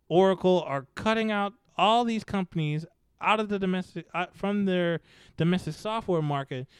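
A man with a fairly high, clean voice runs through news stories in a casual vlog style. He is blunt and profane and mocks the people he talks about. The sound is close and dry, with no room around it. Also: clean tone, no room sound. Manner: blunt, profane, mocking, animated. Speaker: news commentary host.

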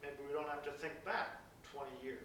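A pastor preaching a sermon, reading scripture dramatically and dropping into soft, hushed passages. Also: male voice, fairly high pitch, a little fast, a little hiss or hum. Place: large church. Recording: very echoey church from a distance.

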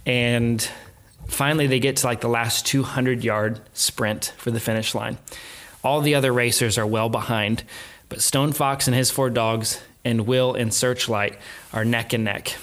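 An adult man tells a story in an easy conversational way. He animates the retelling with quoted voices and short laughs. His voice sits at an ordinary middle pitch. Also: fairly even intonation, measured pace, a bit bright. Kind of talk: casual storytelling chat.

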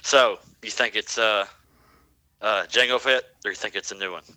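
Excited guy chatting, super bright voice, dead dry sound. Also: fairly low pitch, normal speed, no echo, poor audio. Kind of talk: casual chat.

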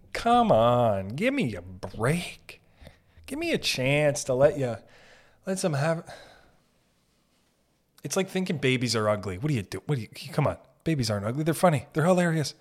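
A man's voice: on the high side, darkish tone. A man hosting a podcast, talking in a rambling, profane, comedic monologue that keeps breaking off mid-sentence. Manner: rambling, profane, self-interrupting, mock voices. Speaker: podcast host.

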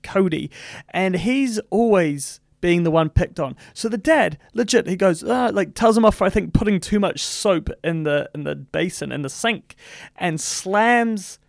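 A man's voice: high-pitched, creaky, no room sound, clean studio sound. A man hosting a casual commentary podcast, rambling with many fillers and swearing in indignant rants. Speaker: podcast host.

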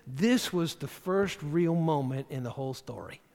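A man preaching a sermon as pastor, animated and acting out the voices of the figures he quotes. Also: on the high side, moderate pace. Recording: long hall reverb.

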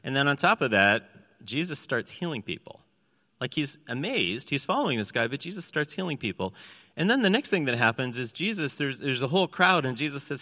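Lively male preacher in an echoing hall. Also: mid-range voice, a little fast. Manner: animated storyteller acting out quoted voices. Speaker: pastor. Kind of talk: sermon with scripture reading. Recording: long reverb of a large hall.

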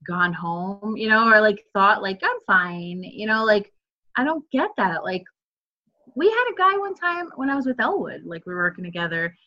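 A woman's voice: medium pitch, big pitch swings, normal speed, bright, forceful tone, highs cut off. A woman EMT telling a work story in casual chat, full of filler words. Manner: chatty storyteller, many filler likes.

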